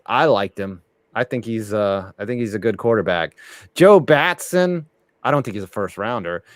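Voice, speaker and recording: A man's voice: medium pitch, clear, resonant tone, no echo, studio quality. A man hosting a casual live reaction stream, joking around and reading viewer messages aloud. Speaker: livestream host.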